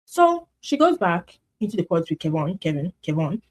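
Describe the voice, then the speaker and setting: A woman giving casual commentary on a reality show in an animated, repetitive, gossipy way. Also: on the low side, normal speed.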